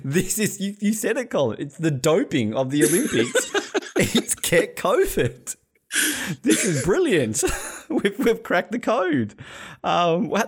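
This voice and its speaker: An Australian man hosting a casual chat, excitable and swearing, bursting into shouts and laughter. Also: sits high, slow pace, husky. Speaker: podcast host. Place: hotel room.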